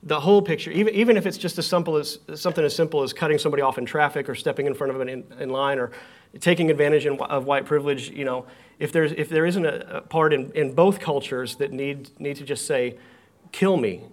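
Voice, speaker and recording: A man's voice: fairly high pitch, steady tone, fast. A man hosting a casual conversation in a living room, often stumbling and repeating words as he thinks aloud.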